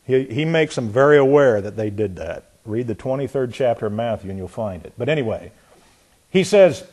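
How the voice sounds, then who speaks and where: Fairly high-voiced male preacher. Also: darkish tone. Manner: reads scripture aloud, then comments with sudden bursts and drops in volume; laughs at times while preaching. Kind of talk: sermon.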